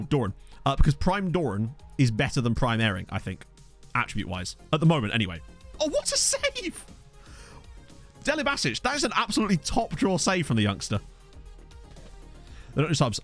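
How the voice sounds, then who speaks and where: Male streamer, quick, chatty, lively upbeat pitch, faint music behind, desk mic. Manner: fast-talking, chatty, laughs often, excitable. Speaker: streamer playing a football management game. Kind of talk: casual live-stream commentary with chat. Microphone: desk microphone.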